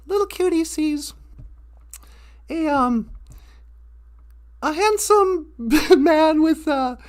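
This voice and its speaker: A woman telling a story casually on a live stream, often laughing as she goes. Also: sits high.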